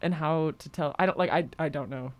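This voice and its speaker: A young woman with a low-pitched voice talks fairly quickly as a podcast co-host. The conversation is casual and chatty, sprinkled with frequent laughter and plenty of "like" fillers.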